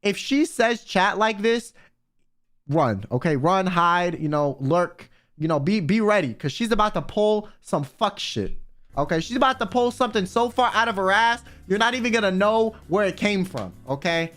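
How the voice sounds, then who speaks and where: A man's voice: sits high, lively intonation, normal speed, fairly bright tone. A young man streamer giving casual, profane commentary, wandering into rambling asides.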